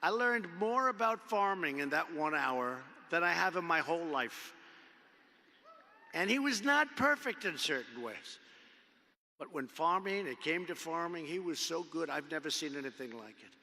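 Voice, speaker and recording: A man's voice: fairly high pitch, big pitch swings, moderate pace, sharp tone. A man in his seventies giving an off-the-cuff convention speech from a podium, rambling and repetitive, leaning on emphatic superlatives. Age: 70s. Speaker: public speaker addressing a convention. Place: large indoor convention arena. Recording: long reverb of a big arena.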